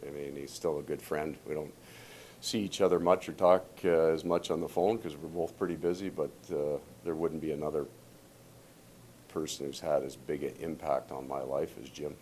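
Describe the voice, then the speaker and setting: A man in his forties with a very deep, low voice tells stories about his coaching career, rambling and restarting his sentences. He pokes fun at himself as he goes. A faint low rumble sits under the recording. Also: a little mellow. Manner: self-deprecating, rambling with restarts. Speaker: hockey coach. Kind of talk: casual storytelling.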